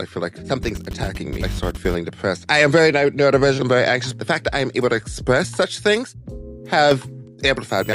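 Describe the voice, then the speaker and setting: A young American man vlogging his life story, expressive and dramatic, jumping into high voices. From United States. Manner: animated, dramatic, leaps into high voices for quotes. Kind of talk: personal storytelling monologue.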